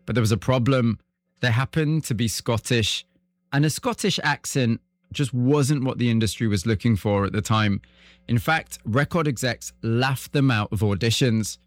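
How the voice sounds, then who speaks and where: A man's voice: medium pitch, moderate pace, no echo. A man hosting a radio show who sets up a guest's story and asks interview questions. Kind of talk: scripted radio introduction and interviewing.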